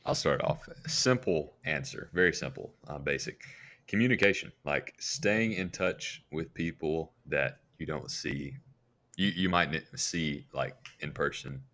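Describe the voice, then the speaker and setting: A man co-hosting a podcast who gives simple, halting answers in casual chat. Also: a bass voice, fairly bright tone. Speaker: podcast co-host.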